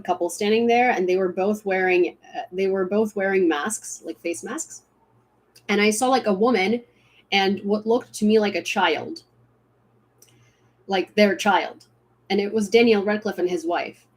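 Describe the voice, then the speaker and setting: Young woman streamer from Ukraine, rambling, filler-heavy casual chat. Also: mid-range voice. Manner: rambling, many fillers and restarts. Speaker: livestream host.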